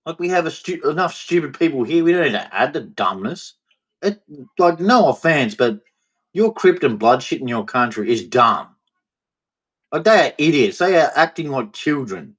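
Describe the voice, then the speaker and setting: A man's voice: fairly high pitch, very animated, moderate pace, fairly bright tone, breathy edge. A man, ranting bluntly and scornfully in commentary to the camera. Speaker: vlogger.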